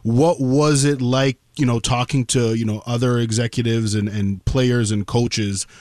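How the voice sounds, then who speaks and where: A man co-hosting, asking a guest a question in a halting way with many fillers. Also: medium pitch, steady tone, a little mellow, no echo. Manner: halting, filler-heavy phrasing. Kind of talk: interview question.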